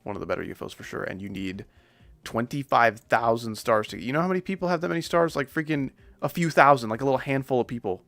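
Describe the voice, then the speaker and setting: A man's voice: mid-range voice, fast, creaky, fairly bright tone, no room sound. A man streaming casual gaming commentary, rambling and joking at his own expense. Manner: rambling, jokey, self-deprecating.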